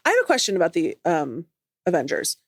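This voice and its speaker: A woman co-hosting a chat podcast, asking playful, quizzical questions with deadpan asides. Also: lowish voice, quick pace, no room sound. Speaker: podcast co-host. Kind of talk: casual chat.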